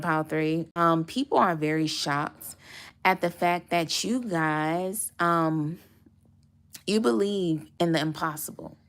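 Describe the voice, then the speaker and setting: A woman with a low voice that has a gravelly edge chats her way through a tarot reading for her viewers. She is loose and conversational, trailing into fillers and small laughs. Her tone stays relaxed and familiar throughout. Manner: chatty, lots of fillers and little laughs. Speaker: tarot reader.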